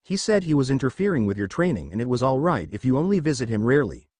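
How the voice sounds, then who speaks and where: A man's voice: mid-range voice, sing-song, quick pace, a little mellow, dry recording. A man voicing an ancient male fire dragon who talks like a matter-of-fact mentor. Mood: gruff.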